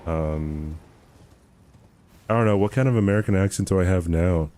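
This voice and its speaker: A man's voice: sits low, normal speed, mellow. A man streaming and answering his chat in a laid-back, slangy, rambling way at a home streaming mic.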